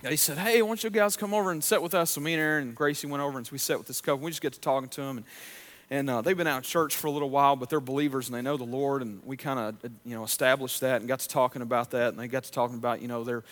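A man's voice: mid-range voice, steady tone, rapid-fire, fairly bright tone. A man pastor preaching a sermon in a conversational way, with frequent restarts and fillers.

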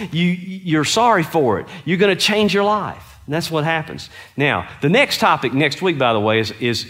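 Here a middle-aged man of medium pitch and fairly bright tone preaches in a conversational way. Earnest throughout, he relates stories and poses questions to those listening.

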